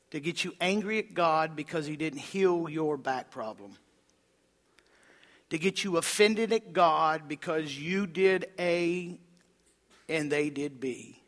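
Male pastor, fairly high bright voice, fervent sermon delivery that drops to hushed tones. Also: big-room sound. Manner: impassioned preaching, swings from loud emphasis to hushed low tones.

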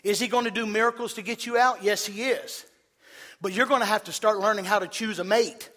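Man, preacher, sermon, emphatic delivery, high voice, sharp tone. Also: steady tone, brisk. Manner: emphatic, rising to shouts and dropping to low intensity. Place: church sanctuary.

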